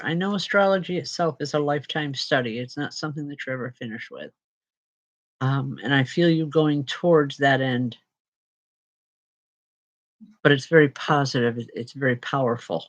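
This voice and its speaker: Tired woman giving spirit readings. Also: deep voice. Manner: chatty, unhurried, with frequent restarts. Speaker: spiritual medium and reverend. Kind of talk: live spirit readings for viewers.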